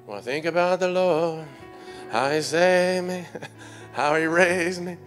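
A middle-aged man preaching a sermon as pastor in a church, calling out to the congregation and rising from low confiding tones to loud shouts. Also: slow pace, faint music behind. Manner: call-and-response preaching, surging to shouts.

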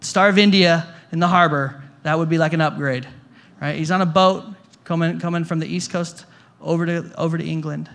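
Guy preaching at a church, kinda high voice, talks casual and asks the crowd stuff. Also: steady tone, a little fast, vocal fry, few pauses, fairly bright tone. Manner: conversational, repeats words, asks the room questions. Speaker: pastor. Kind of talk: sermon. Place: church hall before a congregation.

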